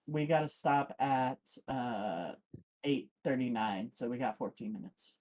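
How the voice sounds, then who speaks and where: An easygoing man co-hosts a relaxed podcast chat, his voice pitched in a middle range. He laughs often and goes along with his friend's stories. His talk is loose and friendly. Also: a little slow, low-quality recording. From Southern United States. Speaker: podcast co-host. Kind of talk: casual chat.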